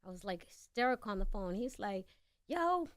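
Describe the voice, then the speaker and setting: A middle-aged woman, a radio interview guest, telling a story in a lively way and acting out the voices of the people in it. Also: medium pitch, quick pace, dry recording, clean studio sound. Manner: animated, acts out quoted voices.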